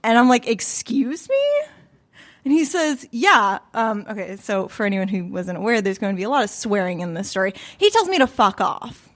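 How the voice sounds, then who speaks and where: A woman's voice: medium pitch, very animated, a little fast. A woman telling a personal story at a live open mic in a small cafe, chatty and conversational, with plenty of filler words, into a stage microphone. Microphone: stage microphone on a stand.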